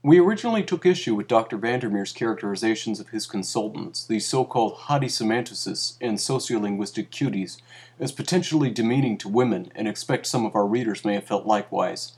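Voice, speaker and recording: A man's voice: on the low side, expressive, a little fast, darkish tone, slightly rough. A man reading an editor's note in a formal, mock-serious comic style.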